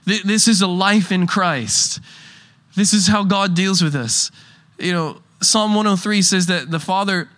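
Young male preacher, slightly high, bright tone; loose, rambling, laughing delivery. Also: a little slow. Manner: rambling, restarts often, chuckles through anecdotes. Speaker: pastor. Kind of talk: casual conversational sermon.

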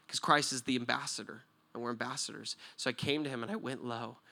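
A man preaching a sermon with a bright, ringing voice. He swings between loud, emphatic points and hushed storytelling. He keeps checking in with the room, tossing out a quick "right?". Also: medium pitch, fairly even intonation, vocal fry. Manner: talks to the listeners directly with frequent "right?".

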